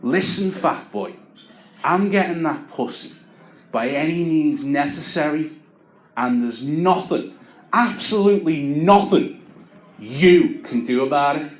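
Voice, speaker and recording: A man's voice: a little high, expressive. A man doing a leering, menacing nightclub thug. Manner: leering, menacing, drawn-out threats. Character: big boorish male nightclub lad, aggressive. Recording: echoey club with crowd laughter.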